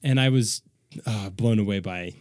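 A man's voice: fairly low pitch, moderate pace, a little mellow, dry recording. Chatty young man, dry close sound. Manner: chatty, rambling with restarts and laughter. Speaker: podcast host. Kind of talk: casual podcast chat.

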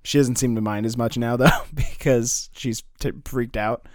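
A man's voice: medium pitch, fairly even intonation, normal speed, darkish tone, no echo, studio quality. Rambling man acting out story quotes. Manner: rambling with many fillers, swears, acts out characters' quotes. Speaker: story brainstormer. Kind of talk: casual chat.

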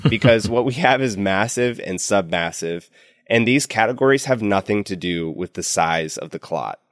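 A man's voice: lowish voice, animated, normal speed, dry recording, clean studio sound. A man speaking as a clinician co-host on a medical teaching podcast, explaining in an opinionated way.

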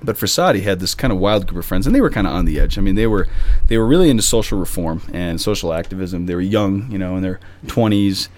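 A man's voice: sits low, lively intonation, darkish tone. A man, a priest hosting a podcast, talking in a chatty, rambling way outdoors in the wind. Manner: chatty, quick, self-interrupting. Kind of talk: casual podcast chat.

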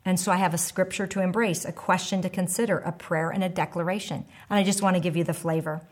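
A woman in her fifties giving a devotional teaching talk, animated and emphatic, sometimes dropping to a soft hush. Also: fairly low pitch, quick pace. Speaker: devotional speaker and author.

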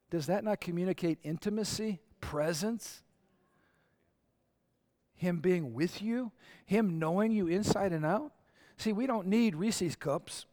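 Male pastor, higher voice, lively conversational sermon with acted-out quotes.

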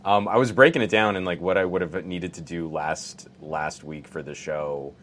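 A man with a very deep voice co-hosts a casual tech podcast. He speaks with a polished radio-announcer delivery, even in relaxed chat. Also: normal speed. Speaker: podcast co-host.

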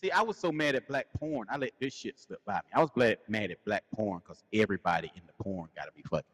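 A man co-hosting a casual podcast with a Southern US accent, telling stories in an animated way and acting out quotes. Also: fairly low pitch, fast, in a large hall. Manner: animated storytelling, acts out quotes. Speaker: podcast co-host. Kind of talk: casual chat.

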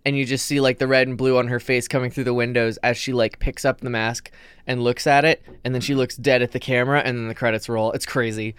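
A man on a casual podcast, retelling a movie plot in animated detail with lots of fillers. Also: medium pitch, fast, clear, resonant tone, no room sound. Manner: animated storyteller, many fillers. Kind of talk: casual chat.

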